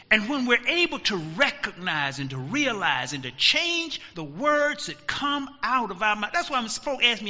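Emphatic middle-aged male pastor, lively high delivery; dull recording with long hall reverb. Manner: emphatic, rising to shouts, dramatic pauses. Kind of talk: sermon. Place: church sanctuary.

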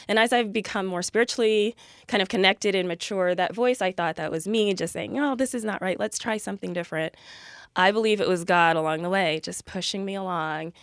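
A woman's voice: mid-range voice, clear, resonant tone, no room sound, clean studio sound. A woman as a podcast guest, speaking in an earnest, heartfelt way about her life. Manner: gives frequent soft affirmations while listening. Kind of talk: reflective interview talk.

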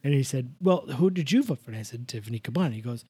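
A woman co-hosting a podcast in casual chat, telling animated stories and acting out the voices of people she quotes. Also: rumbling low, fast, hardly any pauses, husky, dry recording, clean studio sound. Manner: animated storyteller, acts out quotes, self-deprecating. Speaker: podcast co-host.

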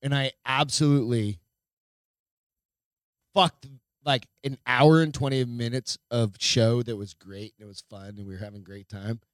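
A man's voice: medium pitch, steady tone, moderate pace, no echo, studio quality. A man co-hosting a casual podcast with his wife, self-mocking, swearing and rambling. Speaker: podcast co-host. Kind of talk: casual chat.

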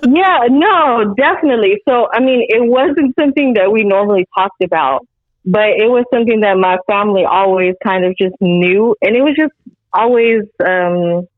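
Animated woman telling a story over a tinny line. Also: medium pitch, normal speed, dry recording. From Central Texas. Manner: animated, laughing often, acting out quoted lines. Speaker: guest. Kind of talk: casual storytelling.

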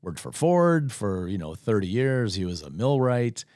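Low voiced guy rambling on a podcast, dry close sound, keeps correcting himself. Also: very animated, measured pace, a little mellow, no echo. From Detroit area, USA. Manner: rambling, self-correcting storyteller. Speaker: podcast co-host. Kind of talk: casual chat.

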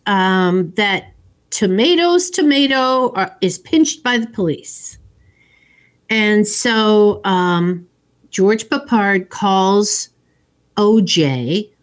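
A woman casually retelling a movie plot in a chat, slipping into the characters' lines as she goes. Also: mid-range voice. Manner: slow, storytelling with acted quotes.

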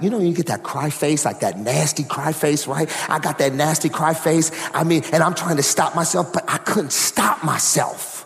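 A man preaching a sermon, telling his testimony in a lively, conversational way with asides to the congregation. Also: a little high, normal speed, gravelly, few pauses. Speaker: pastor. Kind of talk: storytelling sermon. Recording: long reverb of a large hall.

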